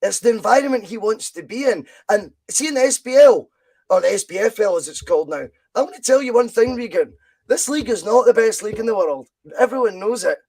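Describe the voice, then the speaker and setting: On his laid-back football podcast, a Scottish host with a fairly high voice speaks a little fast. He's lively and opinionated, hammering home each point with real force.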